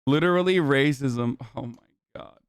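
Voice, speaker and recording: A man's voice: medium pitch, normal speed, smooth, dry recording. A man in his thirties doing casual livestream commentary, blunt and profane in an opinionated rant. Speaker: streamer reacting to videos.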